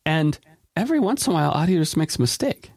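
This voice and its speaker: A man hosting a daily podcast in a casual chat, animated and laughing often. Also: on the high side, fast talker, breathy edge, dry recording, studio quality. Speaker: podcast host.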